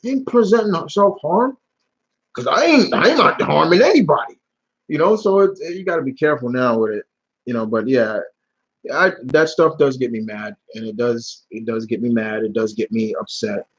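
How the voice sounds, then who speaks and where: A man in an easygoing live stream chat answers questions from his viewers and drifts into animated, rambling stories full of slang and restarts. His voice sits at an ordinary middle pitch, and the recording sounds a little dull and lo-fi. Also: moderate pace, husky.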